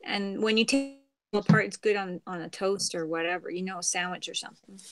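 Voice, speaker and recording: A middle-aged woman from Canada chatting casually on a craft livestream, meandering and trailing off into soft murmurs. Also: mid-range voice, fairly even intonation, fairly quick, soft background music.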